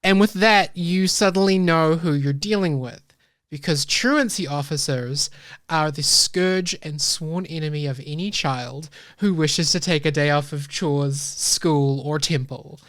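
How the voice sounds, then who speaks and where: A woman narrating a tabletop game as game master, descriptive and unhurried. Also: low voice, dry recording, studio quality.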